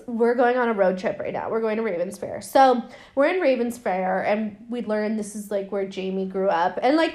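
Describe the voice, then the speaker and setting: A woman's voice: on the high side, darkish tone. Young woman, casual comedic movie-recap host, chatty, profane, acts out quotes. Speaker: podcast host recapping a film.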